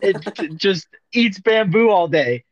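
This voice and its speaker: A young man co-hosting a casual podcast, joking around with goofy, deliberately absurd rants. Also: sits high, animated, no echo, lo-fi sound. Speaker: podcast co-host.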